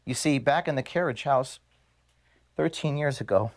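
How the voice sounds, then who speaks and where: A man, the founder of an organization, reading an earnest, measured video statement to his staff from his office. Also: medium pitch. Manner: earnest, measured, grievance-laden. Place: office at headquarters.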